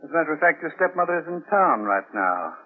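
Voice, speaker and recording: Cold knife-wielding stepfather, husky, lively threat, old tinny radio. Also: fairly high pitch, fast. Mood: menacing. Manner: calm, smooth, sinister. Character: cold, menacing middle-aged stepfather with a knife. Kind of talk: 1940s radio acting.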